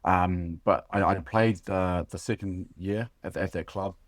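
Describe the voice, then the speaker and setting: A New Zealand man in his late thirties, a former rugby player, talking casually as a podcast guest, halting and calling the host "bro". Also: sits low, fairly even intonation, dry recording. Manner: halting, many fillers and restarts, says "bro" often. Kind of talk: casual conversational interview.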